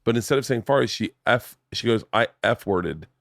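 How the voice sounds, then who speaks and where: A man in his forties hosting a podcast in a home studio, telling animated stories and acting out the voices of the people in them. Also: mid-range voice, a little fast, no room sound. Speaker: podcast host. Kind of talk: casual chat.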